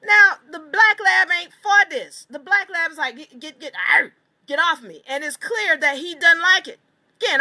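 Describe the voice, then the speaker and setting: A woman teaching a seminar, telling a long story in an emphatic, animated way and swearing casually. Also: high voice. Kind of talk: storytelling lecture.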